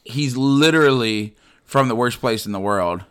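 A man's voice: medium pitch, normal speed, fairly bright tone, clean tone. A young man co-hosting a podcast, chatting casually and ranting bluntly with crude jokes. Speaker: podcast co-host. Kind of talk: casual chat.

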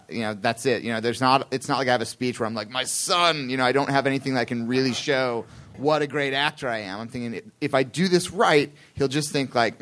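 A man telling a long, self-deprecating anecdote on a live theatre stage, rambling and slipping into quick impressions of other people. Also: medium pitch, fairly bright tone. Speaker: comedian guest telling a story.

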